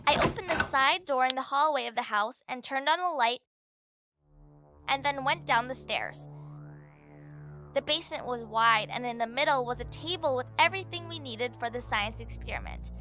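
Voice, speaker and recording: A woman narrating a scripted story in an expressive, dramatic way. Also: high-pitched, normal speed, soft background music.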